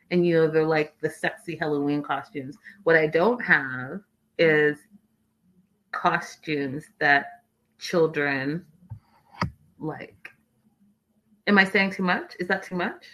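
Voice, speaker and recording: Chatty young woman host, gossipy live recap voice, bright, fairly low-pitched. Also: a little slow, muffled recording. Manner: chatty and gossipy, reads viewer comments aloud. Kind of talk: casual livestream recap chat.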